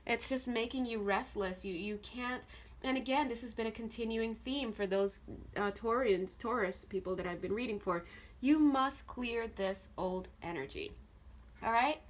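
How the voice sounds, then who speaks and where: A woman giving a casual tarot reading, talking straight to the viewer in a chatty, animated way and laughing often. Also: fairly high pitch, moderate pace. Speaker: tarot card reader.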